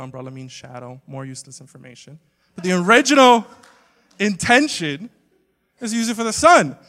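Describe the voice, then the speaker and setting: A man preaching a humorous sermon to a congregation, animated and swinging between loud exclamations and quiet asides. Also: high voice. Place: church sanctuary with a live congregation. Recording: long hall reverb from a church sanctuary.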